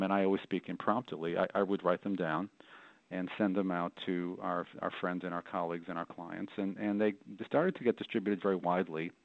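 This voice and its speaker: A man's voice: low voice, creaky, dry recording. A middle-aged man, a rabbi and author, telling his story as an interview guest in a reflective way, often repeating words as he goes. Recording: dry, tinny phone line.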